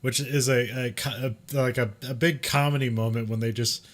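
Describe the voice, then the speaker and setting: A man's voice: mid-range voice, steady tone, normal speed. Chatty man laughing along. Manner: chatty, laughs often, trailing sentences. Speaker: podcast co-host. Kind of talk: casual chat.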